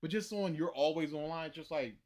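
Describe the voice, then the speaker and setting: A man's voice: a little high, fairly quick, a little mellow. A man co-hosting a reaction show, mocking and sarcastic in casual chat. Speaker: co-host.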